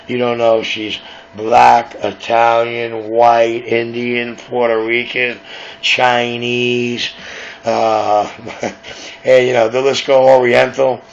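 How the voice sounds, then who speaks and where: Taking his time, a New York-accented radio host rambles through casual, conspiratorial late-night talk in a level, creaky, mid-range voice. The recording is dull and lo-fi, with a faint hiss.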